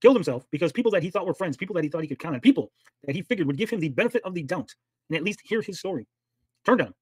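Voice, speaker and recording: A man's voice: high voice, expressive, very fast, slightly rough, dry recording. A man hosting a livestream, arguing heatedly and swearing as he reacts to clips. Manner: heated, argumentative, swears a lot. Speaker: livestream commentary host. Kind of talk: casual profane stream commentary.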